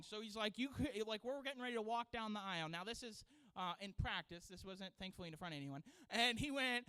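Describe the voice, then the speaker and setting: A man who is a children's pastor, preaching a sermon and telling a story in an animated way with frequent laughter. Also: high voice, brisk, clear, resonant tone, low-quality recording. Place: church sanctuary.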